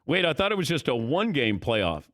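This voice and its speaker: A middle-aged sports radio host tells stories with a lively, swooping voice and acts out his own thoughts as he goes. The studio sound is dry and close. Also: medium pitch, fairly quick, no echo.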